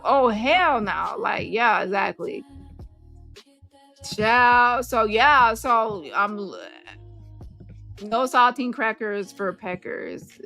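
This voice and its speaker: A woman hosting a casual online commentary show, brash and animated, swearing and mocking the people she talks about. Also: fairly high pitch, very slow, long pauses, faint music behind. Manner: animated and brash, swears freely, mocks voices.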